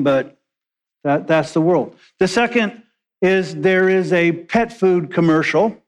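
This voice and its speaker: A man preaching a sermon, a pastor telling stories in a conversational way with joking asides. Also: sits high. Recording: long hall reverb.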